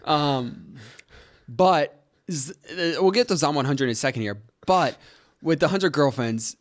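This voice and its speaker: A young man chatting on a podcast, wandering from point to point and cracking jokes as he goes. His voice sits a little high and swings widely in pitch. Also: lively intonation, unhurried. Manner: rambling, joking, loses his train of thought. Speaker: podcast co-host. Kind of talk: casual chat.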